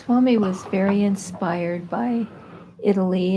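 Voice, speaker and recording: An American woman telling a personal story at a devotional gathering, slow and reflective, with light laughter. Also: mid-range voice, music in the background. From United States.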